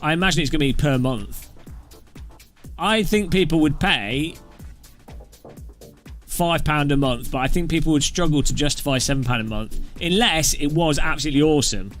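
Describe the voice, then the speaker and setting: Man, casual rambling chat, fairly high voice, faint music behind. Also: normal speed, pauses often, fairly bright tone. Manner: rambling and joking, with loose restarts. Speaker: gaming channel host.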